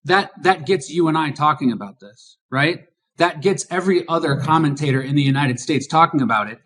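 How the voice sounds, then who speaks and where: A man's voice: a little high, fairly quick, fairly bright tone. A man co-hosting a political podcast, talking emphatically and asking rhetorical questions. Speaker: podcast co-host. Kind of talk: political commentary.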